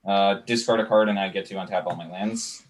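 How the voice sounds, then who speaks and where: A man playing a card game match, thinking out loud and hesitating as he works out his moves. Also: low voice, fairly even intonation, a little fast. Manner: thinks aloud, hesitant, working out plays. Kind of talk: casual tabletop play talk.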